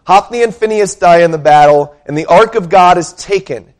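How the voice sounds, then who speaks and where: A man's voice: sits high, a little fast. A male pastor preaching a sermon, retelling scripture with conversational, dramatic storytelling and questions for the congregation.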